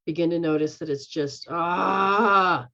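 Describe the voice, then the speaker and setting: Low-voiced woman leading a healing session. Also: slow, sharp tone. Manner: repeats a chant-like refrain, speaks to the listener as "you". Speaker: spiritual healer. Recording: dull lo-fi recording.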